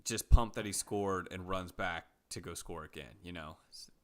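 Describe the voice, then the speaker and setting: A man co-hosting a podcast, chatting casually about soccer picks and betting odds, relaxed and rambling with fillers. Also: low-pitched, moderate pace. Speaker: podcast co-host. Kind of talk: casual sports betting chat.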